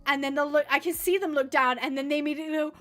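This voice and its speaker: High-voiced woman chatting on a live stream. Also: fairly even intonation, racing, a bit bright. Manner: rambling, chatty, laughs often, acts out quotes. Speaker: gaming streamer. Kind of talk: casual live-stream chatter while gaming.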